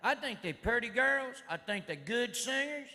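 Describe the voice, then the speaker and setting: A middle-aged man with a Southern US accent doing a stand-up comedy routine on stage, rambling in a rowdy redneck drawl and shouting his punchlines. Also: very high-pitched, expressive, moderate pace. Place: comedy club stage before a live audience. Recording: live hall recording with crowd noise. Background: audience laughter and crowd noise.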